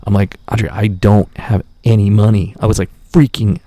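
On a dry recording, a podcast host with a lowish voice and moderate pace spins a casual, rambling story full of profanity. Animated throughout, he performs the voices of the people he quotes.

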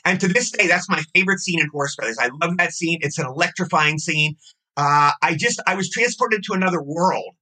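A man in his sixties rattles off stories at high speed in a casual interview. His voice sits high and sounds piercingly bright, and he gushes with enthusiasm about everything he loves. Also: a little fast, poor audio. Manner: effusive, gushing enthusiasm. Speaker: guest actor.

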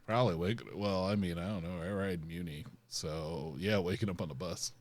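A man co-hosts a casual podcast chat, offering short, dry remarks. His voice sits fairly low. The recording is dry and close, with no room echo. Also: fairly even intonation, moderate pace. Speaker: podcast co-host. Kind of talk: casual chat reviewing a TV episode.

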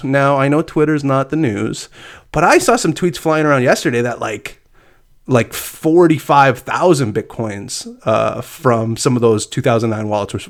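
A man co-hosting a casual chat, reading news items aloud with frequent "uh" fillers and easy laughter. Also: medium pitch. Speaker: podcast co-host reading crypto news.

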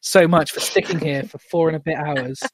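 A man hosting a podcast in casual chat, rambling and rushing through his plugs. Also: fairly high pitch, fairly even intonation, no echo. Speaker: podcast host.

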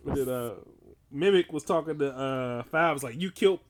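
A man co-hosting a casual podcast, recapping a TV episode with lots of laughter and quick acted-out quotes. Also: medium pitch. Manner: animated, laughing, acts out characters in quick quotes. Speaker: podcast co-host.

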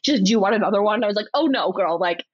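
Animated woman telling a travel story. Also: mid-range voice, very fast, breathy edge, no echo, muffled recording. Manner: animated, acts out voices in her story; laughs often while telling. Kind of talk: casual chat.

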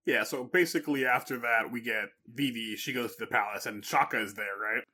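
A man's voice: mid-range voice, a little fast, bright, forceful tone. A man co-hosting a casual manga chat, enthusiastic and slangy. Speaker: podcast co-host.

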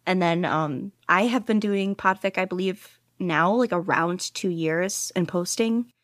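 A woman's voice: lowish voice, a little slow, no echo, studio quality. Rambling, chatty young woman guest. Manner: rambling, enthusiastic, frequent "like" fillers and laughter. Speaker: guest podficcer. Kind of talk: casual interview chat.

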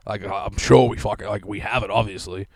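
A man's voice: lowish voice, fairly even intonation, a little fast, creaky, crowd noise. A young man telling a long, rambling, profane story in casual chat, full of fillers.

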